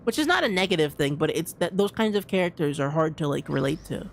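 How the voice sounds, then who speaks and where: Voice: mid-range voice, lively intonation, fast, gravelly, a little hiss or hum. A game streamer giving casual gameplay commentary, rambling with lots of restarts and repeats and an easy "dude" here and there. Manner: calls people "dude".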